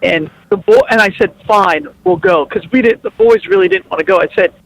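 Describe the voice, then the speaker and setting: A middle-aged man with a noticeably high speaking voice, chatting as a guest on a radio broadcast. He tells his stories with a jokey, teasing delivery. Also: fast, dry recording, rough recording. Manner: jokey storytelling, playful teasing. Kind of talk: casual chat.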